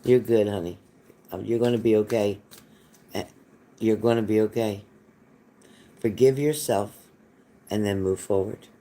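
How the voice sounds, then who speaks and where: A man's voice: lowish voice, steady tone, unhurried, long pauses, dark tone. A man hosting a live-stream psychic reading, reassuring and folksy, repeating phrases and calling viewers honey. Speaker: psychic reader.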